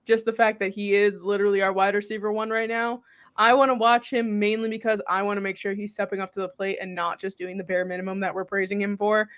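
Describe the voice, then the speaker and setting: A woman co-hosting a casual podcast, talking fast with lots of "like" and sounding nervous about the matchup. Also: mid-range voice, flat delivery. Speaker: podcast co-host.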